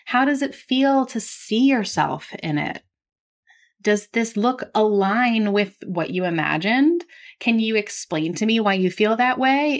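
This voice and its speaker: A woman hosting a podcast, giving calm, reassuring advice to parents and laughing lightly between points. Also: medium pitch. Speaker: podcast host.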